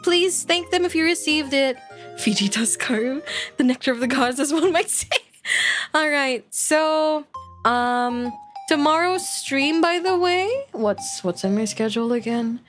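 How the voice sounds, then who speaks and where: In this casual live-stream chat, a woman streamer with a virtual persona jokes playfully with her audience and laughs a lot. Her high voice is animated and a bit bright, delivered at a measured pace over faint background music.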